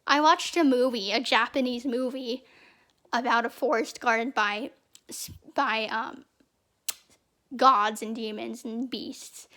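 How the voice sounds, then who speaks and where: A woman's voice: a little high, steady tone, takes it slowly, pushed and bright. A young woman giving casual, rambling fan commentary as a channel host, chatty and prone to repeating herself.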